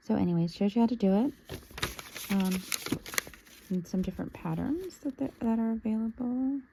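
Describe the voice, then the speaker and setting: Slow, gravelly-voiced woman showing fabric. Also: mid-range voice, noisy background. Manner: slow, musing, sometimes trailing into near-whispers. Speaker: sewing vlogger. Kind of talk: casual show-and-tell haul.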